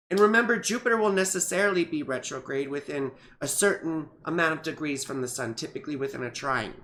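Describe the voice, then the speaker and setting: A woman's voice: on the low side, a bit bright, a little hiss or hum. A middle-aged woman astrologer in a casual vlog. She rambles through asides and keeps checking in with tag questions, recorded on a camera mic.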